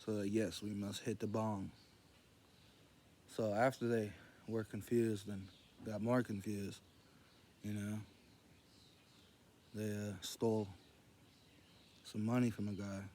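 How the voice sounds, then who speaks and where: A man telling rambling jokes in casual storytelling, meandering and loose as he quotes others in a low murmur. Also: little pitch movement, takes it slowly, pauses often, a little mellow, slight background noise.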